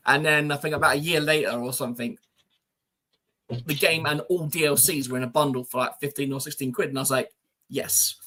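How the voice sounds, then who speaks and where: Male podcast co-host, bright tone, casual and meandering. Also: fairly high pitch, fairly even intonation, fast. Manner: rambling, peppered with "you know".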